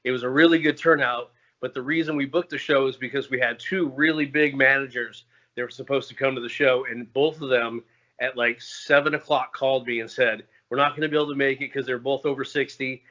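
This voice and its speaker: A man's voice: medium pitch, steady tone, brisk, pushed and bright, muffled recording. A man in his forties, a guest musician talking casually and unhurriedly on a remote call, with frequent "uh" fillers. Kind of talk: casual interview talk.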